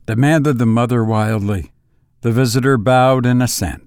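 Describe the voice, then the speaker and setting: A man reading a classic story aloud in measured, even scripted narration. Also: mid-range voice, dry recording, clean studio sound. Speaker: audiobook narrator.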